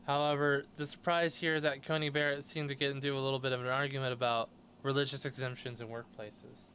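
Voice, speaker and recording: A man's voice: mid-range voice, little pitch movement, fast, bright, forceful tone, slight background noise. A man hosting a show, reading news articles aloud and breaking in with blunt, sarcastic comments. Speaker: host.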